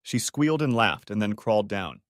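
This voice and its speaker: A man's voice: lowish voice, expressive, normal speed, no echo, studio quality. A man narrating a first-person story audiobook in a wry, conversational way.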